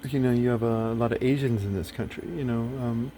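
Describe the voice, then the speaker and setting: A man's voice: medium pitch, fairly quick, mellow. Guy just rambling at the camera, swears a lot, keeps restarting, ordinary mid voice, a little noise behind. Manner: hesitant, full of fillers and restarts; profane, blunt. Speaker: video host. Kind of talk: casual rambling monologue.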